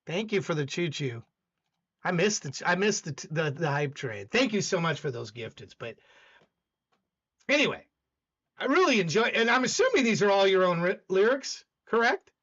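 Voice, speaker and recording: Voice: medium pitch, sing-song, moderate pace, a bit bright, highs cut off. Gushing, rambling live-stream music host. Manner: gushing, rambling, many restarts and fillers. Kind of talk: casual live-stream chat reviewing songs.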